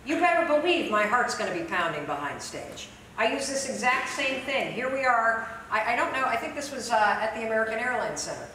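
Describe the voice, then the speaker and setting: A woman speaker talking straight to a live audience, emphatic and direct, her voice a touch high. The sound is very roomy and echoey, picked up from some way off, with a faint hum of the venue behind. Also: expressive, a little fast, hardly any pauses. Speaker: motivational speaker. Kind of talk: live training talk to an audience. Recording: echoey hall, mic from a distance.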